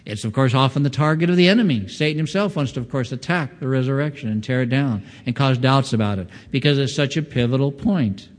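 A male pastor with a medium-pitched voice preaches an expository sermon, explaining scripture in an earnest teaching tone. He often stops to pose rhetorical questions before answering them himself. His voice carries a long reverb, as if recorded in a large hall. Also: fast talker, few pauses.

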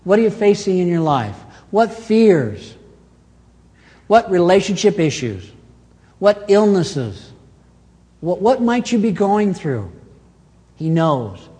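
Pastor guy preaching, voice jumps all over, loud then hushed, slightly high. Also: slow, pauses often, in a large hall. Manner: animated preaching with dramatic swings in loudness and pace. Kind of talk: sermon.

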